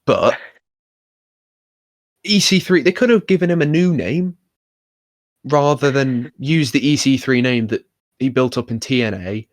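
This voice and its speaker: A man's voice: mid-range voice, a little slow, pauses often, no echo. A young man hosting a casual podcast, talking in a rambling, wry way full of fillers. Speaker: podcast host. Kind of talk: casual chat about wrestling.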